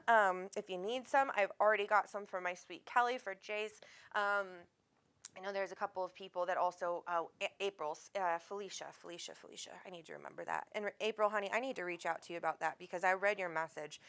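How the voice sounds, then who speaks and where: A woman's voice: medium pitch, steady tone, a little fast, a bit bright, smooth. A woman, hosting a live stream as a psychic medium, chatting casually, reading viewer comments aloud, laughing often and swearing freely.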